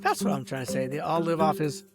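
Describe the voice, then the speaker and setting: A man's voice: fairly high pitch, steady tone, fast talker, loud music behind the voice. A man in a rambling, angry vlog rant, boastful, smoking a cigar as he talks and saying "bro" and "dog" at every turn. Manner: smoking a cigar while talking. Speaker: vlogger.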